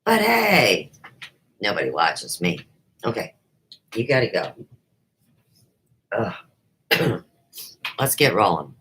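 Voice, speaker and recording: A woman's voice: extremely low pitch, very animated, takes it slowly, pauses often, fairly bright tone, husky, poor audio. A middle-aged woman chats unscripted on her own livestream, taking her time and drifting from one thought to the next. She breaks off, circles back, and starts again. Her delivery is loose and conversational, with no polish. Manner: rambling, jumps between topics. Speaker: livestream show host. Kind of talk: unrehearsed casual livestream chat.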